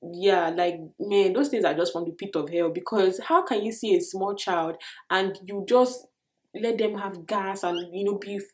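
A young woman with a Nigerian accent talks through viewer questions in a relaxed vlog. She is expressive and animated, laughing often and trailing into fillers. Her voice sits at an ordinary middle pitch. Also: a little slow. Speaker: vlogger answering viewer questions. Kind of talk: casual Q&A vlog.

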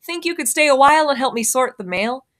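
A kindly older postmaster, friendly and easygoing, voiced by a woman reading a storybook aloud. His welcome is relaxed and plain, carried in her slightly high voice. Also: brisk. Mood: glad.

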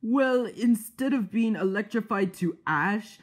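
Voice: mid-range voice, a little slow, close to an everyday voice. A performer voicing a smug male pig scientist with a British accent, lecturing in a snide tone for a fan cartoon. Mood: explaining. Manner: lecturing, patient but snide. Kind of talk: fan-made cartoon voice acting.

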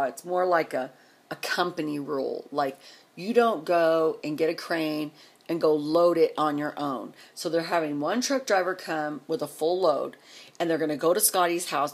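A husky, somewhat low-voiced woman in middle age pours out a frustrated rant to her viewers. She fires off rhetorical questions and circles back on her points again and again. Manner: exasperated, rhetorical questions, repeats herself. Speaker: vlogger. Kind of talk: emotional rant to camera.

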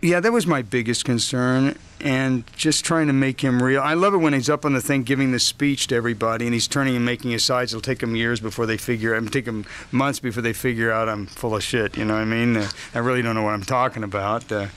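Guy chatting at a press junket, smooth resonant voice, laid back, rambles and chuckles. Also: mid-range voice, fast talker, hardly any pauses. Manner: relaxed, rambling storytelling with chuckles. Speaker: actor interviewed about his film role. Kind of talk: press junket roundtable interview. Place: hotel press junket room, indoors.

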